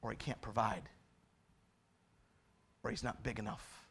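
A man preaching a testimony sermon, quiet and confessional at times, building to loud, fervent preaching. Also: lowish voice, level tone, unhurried, gravelly, slight background noise.

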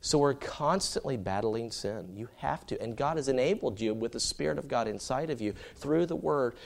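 A man's voice: medium pitch, animated, moderate pace, vocal fry. A man preaching a sermon in a conversational, storytelling way, with many fillers and restarts.

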